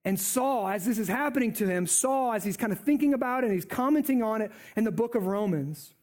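A man preaching a sermon in an animated, conversational way. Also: high-pitched, a little fast.

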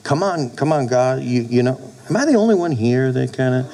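Lively middle-aged preacher, animated delivery. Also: male voice, medium pitch, fairly quick. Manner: animated, with frequent restarts and sudden soft drops. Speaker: pastor. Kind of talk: sermon.

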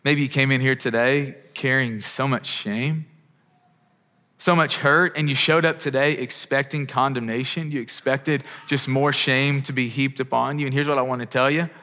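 A man's voice: medium pitch, fairly even intonation, normal speed, sharp tone. A man in his thirties preaching a sermon in an earnest, conversational way, often restarting his sentences. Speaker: pastor. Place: church auditorium. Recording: long hall reverb.

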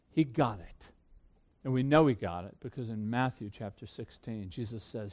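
A man preaching a sermon to a congregation, swinging between loud emphatic peaks and hushed low asides. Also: expressive, moderate pace. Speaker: pastor.

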